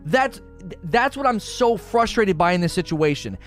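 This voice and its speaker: A man's voice: sits high, animated, normal speed, faint music behind. A man hosting a gaming talk show, ranting in an exasperated, emphatic way to his co-hosts. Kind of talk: opinionated gaming commentary.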